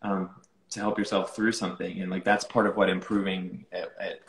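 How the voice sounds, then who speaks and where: A young man with a lowish voice talks loosely through his thoughts in a casual interview. He keeps restarting sentences and leaning on filler words. The room around him has a noticeable echo. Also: little pitch movement, fairly quick, vocal fry. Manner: rambling, many "like" fillers and restarts. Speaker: musician being interviewed.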